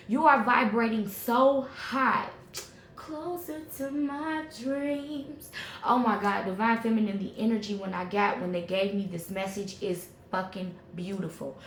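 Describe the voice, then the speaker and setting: Animated woman tarot reader, echoey room. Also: medium pitch, a little hiss or hum. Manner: animated, emphatic, slangy and conversational with repeated "okay?". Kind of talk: channeled tarot reading to viewers.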